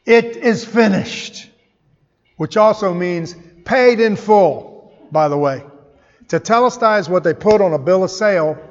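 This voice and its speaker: High-voiced preacher man in a reverberant hall. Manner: expressive Bible reading, dramatic emphasis on quotes. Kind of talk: sermon. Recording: dull sound with long hall reverb.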